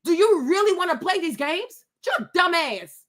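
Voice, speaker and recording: A woman with a very high voice rants into her webcam, firing off rhetorical questions again and again. She swears freely and sounds indignant. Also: lively intonation, normal speed, a bit bright. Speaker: livestream host. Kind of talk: heated livestream rant.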